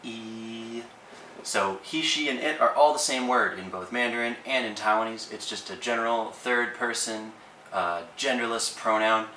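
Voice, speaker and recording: Guy walking through a language lesson, bright voice, echoey room, mic kinda far off. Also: mid-range voice, normal speed, a little hiss or hum. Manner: relaxed, with frequent ums and uhs. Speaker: language teacher. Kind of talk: casual explanatory lesson.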